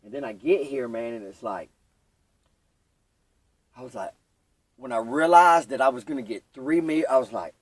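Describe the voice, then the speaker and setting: A man's voice: mid-range voice, normal speed, pauses often, no echo, distant mic, rough recording. A young man, telling his recovery story as a podcast guest and acting out what others said. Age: young adult. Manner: animated storytelling, acts out quoted voices.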